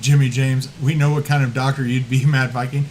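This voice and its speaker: A man's voice: mid-range voice, little pitch movement, brisk, darkish tone, a little hiss or hum. A man hosting a casual podcast, telling stories with lots of swearing and laughter and acting out what people said. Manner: profane, laughing storyteller who acts out quotes. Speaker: podcast host.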